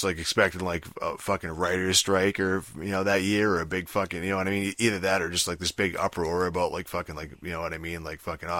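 A man's voice: sits low, sharp tone, dry recording. A man ranting casually about a TV show, profane and rambling, full of fillers and restarts. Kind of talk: casual rant.

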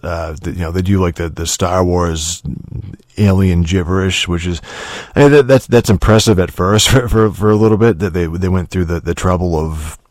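A man's voice: sits low, normal speed, darkish tone, dry recording. A man giving a casual, rambling spoken review of a video game, full of swearing, fillers and restarts.

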